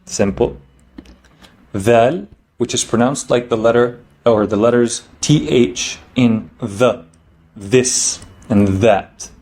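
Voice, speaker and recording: A man explains letters in a language lesson, patient and methodical. He checks in with the listener often and slows right down when he models each sound. His voice sits at a middle pitch. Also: fairly even intonation, darkish tone. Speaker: Arabic teacher.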